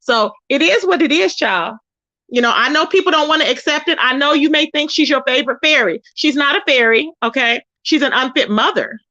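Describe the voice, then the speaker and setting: A woman's voice: high voice, fairly quick, pushed and bright. A woman hosting a casual gossip commentary livestream, sassy and emphatic, often mimicking others in a raised voice. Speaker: YouTube commentary host. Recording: dull lo-fi sound.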